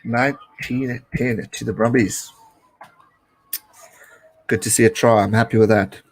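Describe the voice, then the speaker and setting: A South African man in his late twenties gives loose, chatty commentary as he watches a match live. He gets excitable and cheers at the screen. His voice sits at an everyday middle pitch. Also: a little slow, low-quality recording. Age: late 20s. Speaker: live-stream host. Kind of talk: casual watch-along commentary.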